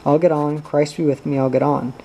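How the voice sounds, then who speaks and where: A man reading as a restless young farmhand, blunt and set on leaving. The voice is gravelly and dark, delivered with little rise and fall. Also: on the high side, little pitch movement, brisk, poor audio. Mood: defiant. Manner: blunt and determined.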